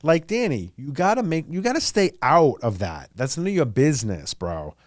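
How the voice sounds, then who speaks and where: A man hosting a podcast in a casual monologue, talking in an animated, rambling and profane way. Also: fairly high pitch, moderate pace, no echo, clean studio sound. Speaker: podcast host.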